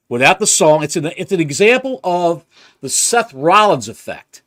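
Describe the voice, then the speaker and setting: A man co-hosting a casual wrestling podcast, ranting with rapid rhetorical questions. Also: fairly high pitch, very animated, fairly bright tone. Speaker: podcast co-host.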